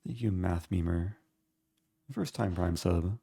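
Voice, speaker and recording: A man streaming live, thinking aloud as he calculates his moves in a relaxed, halting way. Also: deep voice, vocal fry, slightly rough, dry recording, studio quality. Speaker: chess streamer. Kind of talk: live-stream game commentary.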